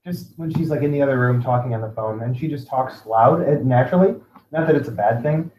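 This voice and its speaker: A man's voice: mid-range voice, brisk, a little mellow, slight background noise. A man co-hosting a casual podcast chat, dropping wry jokey remarks. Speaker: podcast co-host. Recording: echoey room.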